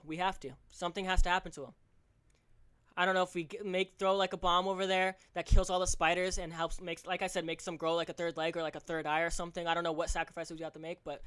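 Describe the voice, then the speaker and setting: A young man hosting a solo podcast, ranting fast and profanely, tripping over his words with stammers and restarts. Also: high voice, sharp tone, smooth. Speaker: podcast host.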